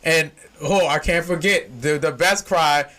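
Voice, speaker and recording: A man hosting a casual podcast, his voice pitched high and bright with a forceful edge. He rambles through jokes in loose, slangy talk and can jump into loud, shouting bursts. The feel is off-the-cuff chat among friends. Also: unhurried. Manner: uses informal slang. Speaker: podcast host.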